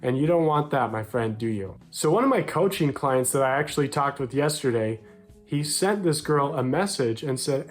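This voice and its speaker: A man's voice: mid-range voice, lively intonation, normal speed, faint music behind. A young American man coaching men on dating, talking straight to the viewer in an upbeat, direct way and acting out short quoted lines. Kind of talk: direct-to-camera advice talk.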